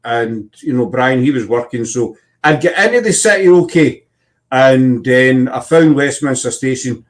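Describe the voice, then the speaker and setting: A man's voice: medium pitch, lively intonation, a little slow. A man with a Scottish accent, hosting a casual chat and telling rambling anecdotes.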